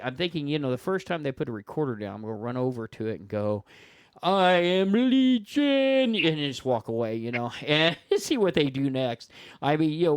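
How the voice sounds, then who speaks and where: An animated man telling stories on a podcast as a guest investigator, jumping into the voices of the people he quotes. His pitch sits in an ordinary middle range. The sound is dry and close, with little room around it. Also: no echo. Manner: animated storyteller who acts out quoted voices. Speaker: guest paranormal investigator and author. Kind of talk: casual storytelling chat.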